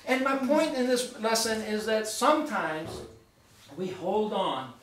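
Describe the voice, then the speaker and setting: A man giving an author's talk in a bookshop, telling a story in an animated, chatty way with asides to the audience. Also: high-pitched, takes it slowly, a little hiss or hum. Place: bookshop event room. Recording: very echoey room, mic far off.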